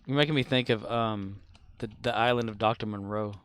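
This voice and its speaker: A man's voice: fairly low pitch, fairly even intonation, a little fast, a bit bright, smooth. A man streaming a game, chatting casually with viewers in a rambling way and chuckling often. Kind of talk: casual live-stream chat.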